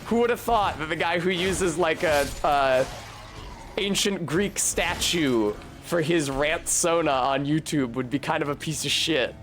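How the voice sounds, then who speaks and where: A man's voice: a little high, measured pace, a bit bright, soft background music. A man chatting casually and swearing while streaming a video game, often laughing. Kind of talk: casual gameplay commentary.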